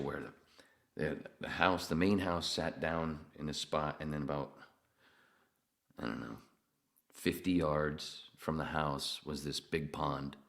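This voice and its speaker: Very deep-voiced man telling stories. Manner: swearing, laughing, animated storyteller. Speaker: podcast host. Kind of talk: casual storytelling chat.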